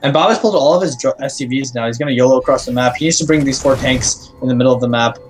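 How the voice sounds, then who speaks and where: A man co-casting a strategy game match, giving relaxed color commentary with dry remarks. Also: mid-range voice, very fast. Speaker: co-caster. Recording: game music behind.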